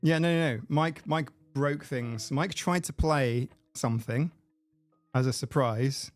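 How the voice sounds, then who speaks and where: A man's voice: mid-range voice, unhurried, no echo, soft background music. Guy rambling on his stream, laughs at his own jokes, dead dry mic. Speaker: livestream host. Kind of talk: casual live stream chat. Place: home room. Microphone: desk mic with mixer.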